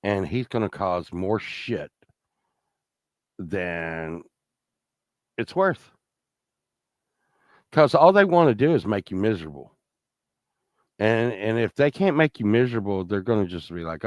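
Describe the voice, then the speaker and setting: A man's voice: lowish voice, expressive, unhurried, pauses often, dry recording. Profane rambling man, dry sound. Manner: profane, rambling, many restarts; acts out other people's lines. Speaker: storyteller. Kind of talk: rambling casual anecdote.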